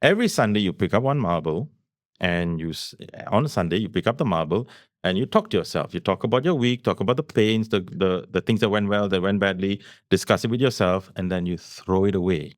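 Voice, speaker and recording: A man talks as a business coach guest, his pitch swinging widely as he tells stories. He laughs often and hammers his key phrases again and again. The sound is close and dry. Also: lively intonation, fairly quick, dry recording. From Malaysia. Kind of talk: podcast conversation.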